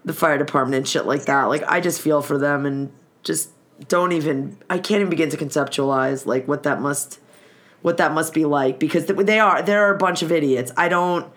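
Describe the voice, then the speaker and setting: A woman's voice: low-pitched, fairly quick, a bit bright. Profane, ranting woman. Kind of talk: casual chat.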